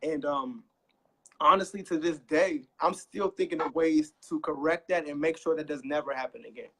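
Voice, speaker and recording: A man's voice: on the high side, normal speed, pushed and bright. A young man sharing a painful personal story on a talk show, earnest and close to tears, repeating himself for emphasis. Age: young adult. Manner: earnest, repeats phrases, voice rising when emphatic. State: holding back tears. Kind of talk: emotional personal testimony.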